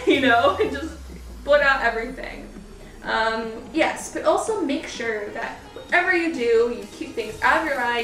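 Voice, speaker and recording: Speaking at normal speed, this young adult cosplay vlogger has a high, expressive, slightly bright voice. The college student casually explains her makeup and costume, laughing often and using plenty of "like." She's far from the mic, with echo and soft background music.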